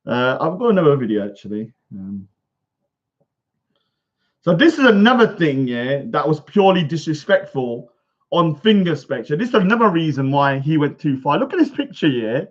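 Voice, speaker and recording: A man's voice: on the high side, very animated, moderate pace. A man ranting and mocking his rivals in a casual vlog, swearing often, recorded at home in a bungalow. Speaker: vlogger. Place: bungalow room. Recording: dull lo-fi recording.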